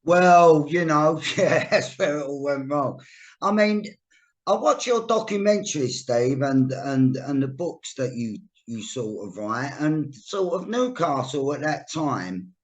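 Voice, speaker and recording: A man with a slightly higher voice hosting an informal podcast. He reacts with eager exclamations and asks questions in a loose, conversational way. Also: sing-song, unhurried. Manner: enthusiastic, exclaiming often. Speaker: podcast host. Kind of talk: casual podcast interview.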